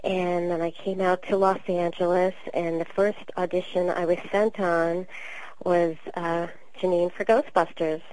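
A woman voice actor from Queens with a New York accent, telling stories in a chatty, relaxed interview. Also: on the low side, measured pace, no echo, low-quality recording. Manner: chatty, storytelling, relaxed with many fillers. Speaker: voice actor guest. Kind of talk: casual interview talk.

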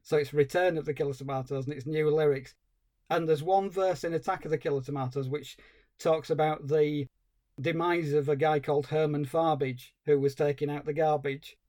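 A man co-hosting a film podcast, chatting casually and retelling scenes with animated enthusiasm. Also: a little high, normal speed. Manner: animated storytelling, acting out scenes. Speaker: podcast co-host.

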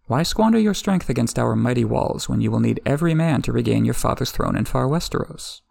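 A man's voice: medium pitch, expressive, fairly quick, gravelly, a little mellow, no echo, clean studio sound. A man reading the lines of a haughty male slaver envoy, oily and menacing. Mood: smooth.

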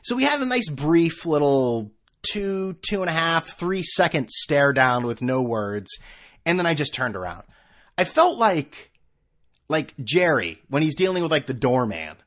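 A man's voice: a little high, very animated, measured pace, fairly bright tone. A man hosting a podcast, rambling through a self-mocking comic story with many restarts. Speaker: podcast host. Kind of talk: comedic storytelling.

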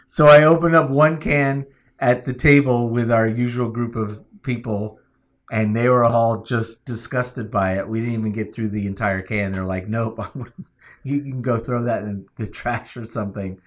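A man co-hosting a casual podcast, telling an animated story and laughing through his punchlines. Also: fairly low pitch. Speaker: podcast co-host. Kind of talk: casual chat.

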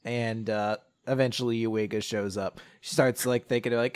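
A man's voice: mid-range voice, steady tone, moderate pace, few pauses, a little mellow. A man co-hosting a casual chat, recapping a story chapter in a rambling way, laughing often and acting out the characters' lines. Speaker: podcast co-host.

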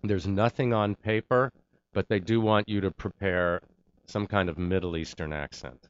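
A man's voice: low-pitched, steady tone, moderate pace, smooth, no echo, dull audio. A middle-aged man telling a casual story about his acting career, acting out the voices of the people he quotes.

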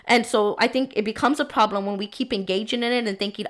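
A woman's voice: a little high, animated, fairly quick. A young woman hosting a faith-based motherhood podcast, talking earnestly with lots of "right?" and "like", her voice worn from being sick. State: sick, voice affected. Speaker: podcast host.

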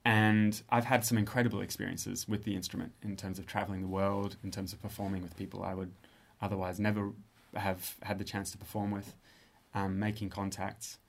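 A man in his thirties with an Australian accent, a composer and musician talking through his work in a relaxed, thoughtful interview, often pausing and restarting. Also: fairly low pitch, vocal fry. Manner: thoughtful, hesitant, with frequent restarts. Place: studio space.

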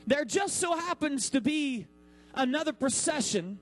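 A man in his thirties preaching a sermon as pastor, with dramatic pauses and acted-out quotes. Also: very high voice, animated, faint music behind, low-quality recording. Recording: mains hum.

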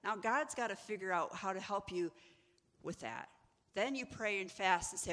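Woman preaching about fasting, lively storyteller, sharp bright tone, long reverb around her. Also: mid-range voice. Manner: animated storytelling, acts out the people in the stories. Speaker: ministry executive director. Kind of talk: inspirational teaching talk.

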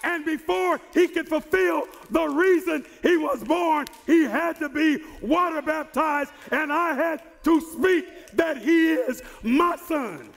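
A male pastor preaching a sermon who repeats and restarts words and builds to shouted emphasis. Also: very high-pitched, takes it slowly, creaky, few pauses, big-room sound. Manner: repeats words and stumbles on starts.

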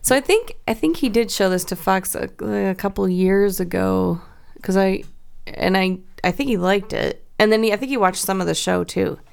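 Curious woman with a gravelly edge. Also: mid-range voice, moderate pace. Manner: chatty, curious, asks many questions. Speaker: podcast co-host. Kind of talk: casual chat.

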